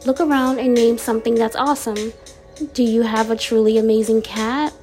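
A bubbly woman with a slightly high, mellow voice reads affirmation cards in a casual vlog. She is playful and laughs easily, and she reads each card slowly before repeating it. Faint music plays behind her. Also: level tone. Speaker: wellness vlogger reading affirmation cards.

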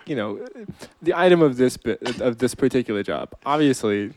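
A man's voice: medium pitch, lively intonation, normal speed, darkish tone, slight background noise. A man co-hosting a comedy podcast, chatting casually, laughing often as he sketches scenes with many fillers. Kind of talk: casual chat.

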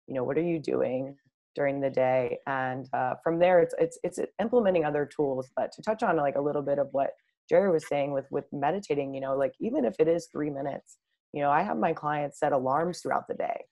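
A woman with a notably low voice talks as a guest on a podcast. She explains her coaching in a friendly, rambling way, full of fillers and restarts. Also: a little fast, dark tone. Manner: friendly, talkative, with frequent fillers. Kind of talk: casual podcast interview.

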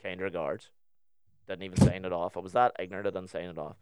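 A man's voice: deep voice, steady tone, quick pace, a little mellow, clean tone, dry recording, clean studio sound. A young man with a Northern Irish accent, telling a story in casual chat on a podcast and acting out both sides of the conversation.

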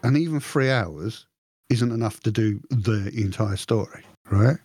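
A man co-hosting a podcast, chatting in a rambling, animated way with frequent restarts. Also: fairly low pitch, a little slow, slightly rough, dry recording, studio quality. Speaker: podcast co-host. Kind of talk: casual chat.

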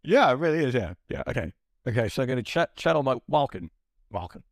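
Man, podcast co-host, giggly, self-mocking, animated pitch. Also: fast talker, no echo, studio quality. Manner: jokey, giggly, self-deprecating. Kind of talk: casual chat.

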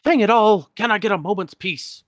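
A man's voice: fairly high pitch, quick pace, a bit bright, no echo, clean studio sound, voice pushed up, natural voice. A man voicing a fussy old male wizard with cranky, theatrical outbursts.

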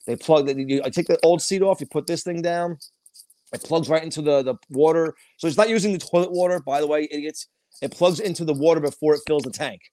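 Profane, animated man in casual chat. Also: a little high, fast. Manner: profane, animated, acts out quotes in shouted voices.

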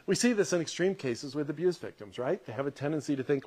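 Guy preaching on a podcast, chatty and emphatic, voice on the higher side, swings up and down a lot. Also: very animated, fast talker, darkish tone, husky. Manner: conversational, emphatic, laughs often. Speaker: pastor. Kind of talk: podcast sermon.

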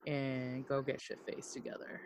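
A woman in casual chat, playful and quick to react, laughing often. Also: extremely low pitch, monotone, background noise.

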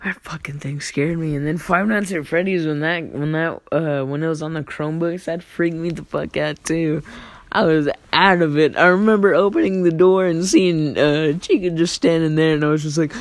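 A young adult vlogger telling a rambling, profane story in casual talk, often laughing and swinging from hushed to loud. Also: medium pitch, steady tone, normal speed, no echo.

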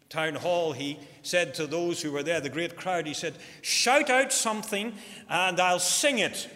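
A man preaching a sermon, slow and emphatic, stressing key words. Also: on the high side, fairly bright tone. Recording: long hall reverb.

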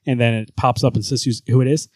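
A man's voice: medium pitch, steady tone, quick pace, darkish tone, breathy edge, no room sound. Man, podcast co-host, casual chat, profane, joking, dry sound.

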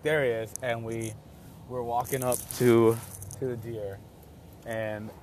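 A young man casually telling a story, rambling and excitable, with many restarts and fillers. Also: mid-range voice, slight background noise.

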